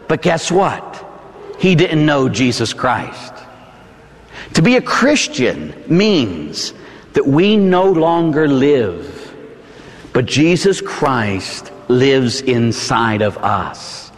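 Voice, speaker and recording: Male Catholic priest, Pittsburgh accent, middle-aged, lively sing-song delivery, chatty sermon style, long church reverb. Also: mid-range voice, very slow. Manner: conversational preaching with rhetorical tag questions.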